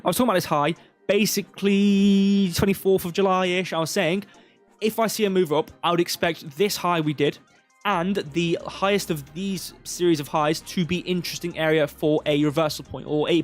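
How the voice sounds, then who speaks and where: Man, slightly high voice, casual rambling livestream commentary, faint music behind. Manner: rambling, filler-heavy, thinking aloud. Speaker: crypto livestream host. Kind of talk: casual live chart commentary.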